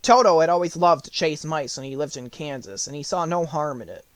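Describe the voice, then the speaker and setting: A man reading an audiobook aloud with lively, animated storytelling. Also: a little high, brisk, no echo. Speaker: audiobook narrator.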